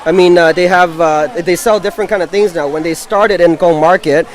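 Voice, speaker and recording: A man's voice: high voice, brisk, some chatter behind. A man from a food tour company speaking on camera, hesitant, with many fillers.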